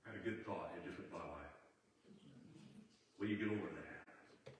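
A middle-aged man preaching a sermon as a guest speaker, telling folksy stories and swinging into loud, emphatic preaching. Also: deep voice, normal speed. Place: church sanctuary. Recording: echoey church hall from a distance with faint noise.

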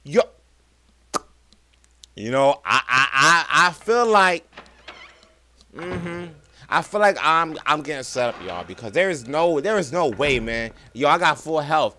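Excitable young man yelping through a game. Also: fairly high pitch, unhurried, long pauses, slight background noise. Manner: excitable, talks to viewers as "y'all", laughs and yelps at scares. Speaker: gaming streamer. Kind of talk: let's play commentary.

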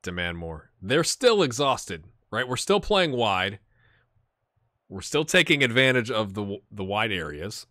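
A man hosting a gaming channel, giving excitable let's-play commentary, cheering on his players and thinking out loud. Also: on the low side, unhurried, no room sound, clean studio sound. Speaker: video game channel host.

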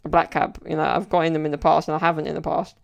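Gravelly, flat-voiced young man. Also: on the high side, rapid-fire. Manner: rambling, chatty, fills with "like" and "you know". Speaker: podcast host. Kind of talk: casual solo podcast storytelling.

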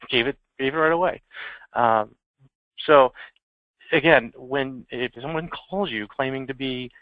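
A man's voice: mid-range voice, normal speed, no room sound. A man giving a conversational security training talk, telling anecdotes in an informal way. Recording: tinny phone-like dry sound.

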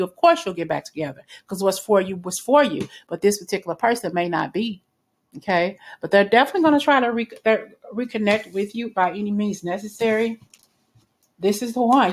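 A woman's voice: mid-range voice, expressive, a little fast. A woman giving a casual spoken tarot reading in a chatty, reassuring way, with frequent fillers and restarts. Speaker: tarot reader.

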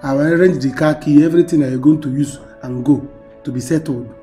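A man's voice: on the high side, fairly even intonation, a little fast, warm tone, soft background music, natural voice. Actor as a firm, stubborn man. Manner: firm, dismissive. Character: stubborn man refusing a marriage. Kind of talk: film drama acting.

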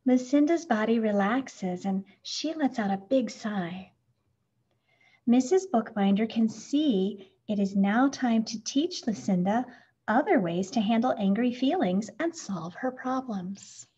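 Woman reading a children's story, lilting and breathy, slow, muffled lo-fi recording. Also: a little high, animated, dark tone. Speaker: reader. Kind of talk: children's picture book read-aloud.

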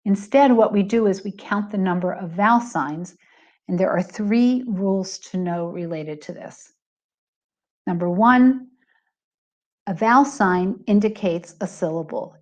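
A middle-aged woman speaks at a middle pitch as she narrates a recorded lesson. She explains patiently and clearly, slowing to stress each example. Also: darkish tone, lo-fi sound. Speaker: Hebrew teacher.

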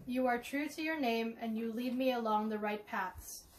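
A woman's voice: on the high side, a loud crowd. Woman reading a psalm from afar. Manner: measured reading with cued responses. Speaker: psalm reader. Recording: distant mic with faint noise.

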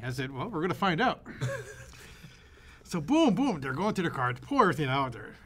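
A man co-hosting a podcast, telling a story in casual chat with an animated manner, swearing freely and acting out the voices of the people he quotes. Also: fairly high pitch, fairly quick. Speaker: podcast co-host.

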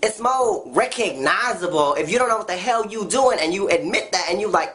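A woman's voice: fairly quick, few pauses. A woman vlogger delivering a blunt, profane comedic rant straight to camera, her voice jumping around as she goes. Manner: blunt, swears constantly, animated jumps in pitch.

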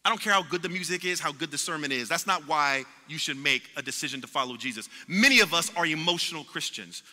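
A pastor preaching a sermon with passion, repeating words and acting out what people say. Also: male voice, a little high, fast talker, bright, forceful tone. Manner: impassioned preaching with repetitions and acted-out quotes. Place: church sanctuary. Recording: long hall reverb in a church.

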